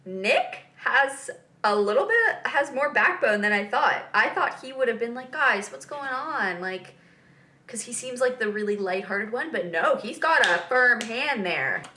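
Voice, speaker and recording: A woman's voice: a little high, expressive, a little slow, pushed and bright, slight background noise. A young woman hosting a vlog, chatting casually and laughing often as she reacts to a TV episode. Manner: chatty and giggly, lots of fillers and asides.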